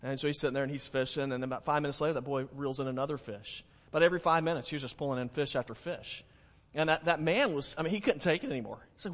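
A male pastor, preaching a folksy sermon that jokes with the congregation and slows down for emphasis. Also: on the high side. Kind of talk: sermon with a told joke. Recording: long hall reverb.

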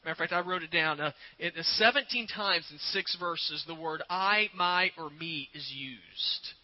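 A man preaching a sermon as a pastor, earnest and repetitive, slowing down to stress his points. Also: fairly high pitch, highs cut off. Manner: earnest, repeats words, slows for emphasis.

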